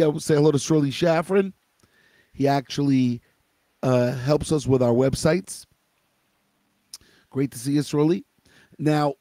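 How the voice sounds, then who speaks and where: A man's voice: on the high side, warm tone, dry recording. A middle-aged man hosting a live show, telling a family story in a conversational way and asking his listeners questions. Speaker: host.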